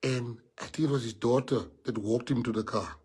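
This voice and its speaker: A man's voice: medium pitch, steady tone, brisk, a little mellow, breathy edge. A man with a South African accent, a party leader giving a heartfelt speech to his members, earnest and repeating key phrases for emphasis.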